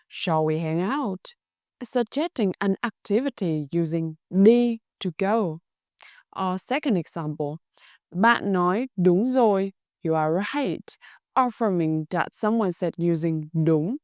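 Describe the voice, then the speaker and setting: A woman's voice: on the low side, clear, resonant tone, dry recording, studio quality. A woman with a Northern Vietnamese accent, a native Vietnamese speaker teaching pronunciation in English, speaking carefully with small grammar slips. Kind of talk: language lesson narration.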